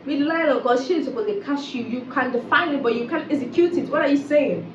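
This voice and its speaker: A woman's voice: high-pitched, quick pace, a little hiss or hum. A woman giving a casual, exasperated commentary and repeating phrases for emphasis. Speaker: reality TV commentator. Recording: roomy, distant, dull sound.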